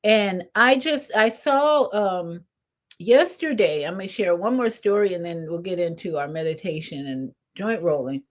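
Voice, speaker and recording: Animated older woman telling a story. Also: lowish voice, normal speed. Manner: animated, lively storytelling with sudden rises and drops. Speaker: spiritual teacher leading meditation. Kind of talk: storytelling talk.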